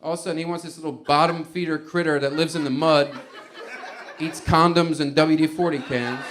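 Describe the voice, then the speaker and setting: A man's voice: fairly high pitch, fairly even intonation, a little fast, a bit bright. A man doing stand-up comedy, telling a rambling, conversational story.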